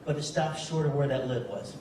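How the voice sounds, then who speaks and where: A man's voice: mid-range voice, fairly quick, background noise. A man giving a keynote speech as a motivational speaker, telling a story and speaking straight to the audience. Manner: storytelling, addresses audience directly. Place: large event hall. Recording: very echoey hall from far off.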